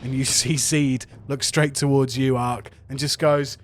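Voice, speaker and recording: A man running a tabletop game as game master, narrating the action in a lively, playful way. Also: medium pitch, unhurried. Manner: lively storytelling with playful asides.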